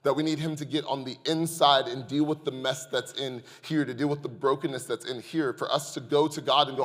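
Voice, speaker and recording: A man's voice: mid-range voice, a little fast, hardly any pauses. A man preaching a sermon as the church's pastor, telling a humorous personal story and joking with the congregation. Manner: lively, joking storyteller who addresses the congregation. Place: church sanctuary. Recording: long hall reverb.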